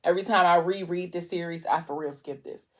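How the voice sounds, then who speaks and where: A woman with a notably low voice recaps a novel for her viewers in a loose, chatty vlog. She tells it with feeling and plenty of "um" and "like" as she goes. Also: fairly even intonation, fairly quick. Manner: chatty, emotional retelling with many fillers. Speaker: book vlogger. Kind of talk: casual book recap while eating.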